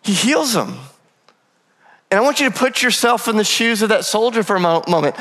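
A man preaching a sermon as pastor, telling stories lively and acting out paraphrased dialogue with jokes. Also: sits high, fairly quick, big-room sound.

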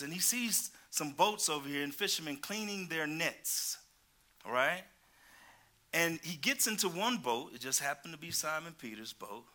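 A male preacher giving a lively sermon, joking and asking the congregation questions as he talks. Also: on the high side, normal speed.

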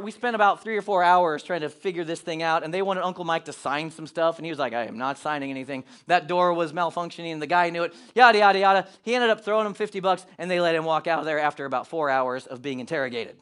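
A middle-aged pastor telling a family story in a sermon, animated and acting out the quotes. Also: male voice, sits high, fast talker, hardly any pauses, clean tone.

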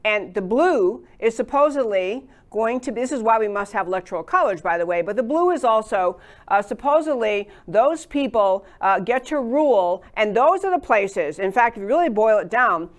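A woman's voice: a little high, expressive, normal speed. A woman hosting a political talk show, giving indignant, emphatic commentary between clips. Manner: indignant, emphatic, lists grievances.

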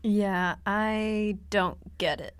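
A young adult woman co-hosting a podcast in casual chat, relaxed with dry teasing. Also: mid-range voice, extremely slow, clean tone, dry recording. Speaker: podcast co-host.

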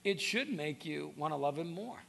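A man delivers a sermon in an earnest, pleading way, stumbling over repeated words as he builds his points. His voice is gravelly with fry and sits a little high for a man. A faint hum runs under the recording. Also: expressive, moderate pace, a bit bright. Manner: earnest, repeats words when starting sentences. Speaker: pastor.

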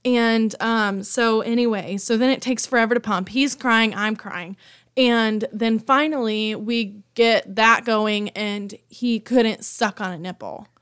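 A woman's voice: on the high side, steady tone, a little slow, fairly bright tone, clean tone. A woman guest on a podcast, chatting candidly and casually, with the odd curse word. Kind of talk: casual chat.

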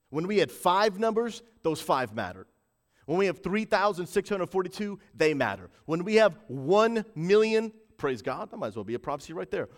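High, lively, fired-up preacher man. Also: normal speed, in a large hall. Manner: hype-building, call-and-response with chat; rises to shouting in bursts, drops low to stress points. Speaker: pastor. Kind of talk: livestreamed church announcement.

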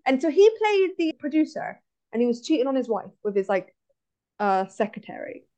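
A woman with a West Country English accent, co-hosting a podcast and chatting casually about films, animated and ranting with frequent laughs. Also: sits high, brisk. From West Country, England. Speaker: podcast co-host. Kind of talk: casual film chat. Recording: dull lo-fi audio.

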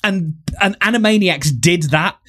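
A man's voice: sits high, a little slow, a bit bright. A man hosting a podcast in casual nostalgic chat, enthusiastic and rambling, with many fillers. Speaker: podcast host.

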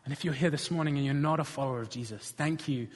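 A man's voice: medium pitch, fast. Earnest male preacher in a reverberant hall. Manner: earnest storytelling, building to passionate appeals. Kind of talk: sermon. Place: church.

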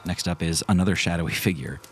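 A man with a very deep voice narrates a tabletop game as its game master, laying out the action in calm, even description. Music plays clearly beneath him. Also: fast. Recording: music bed behind.

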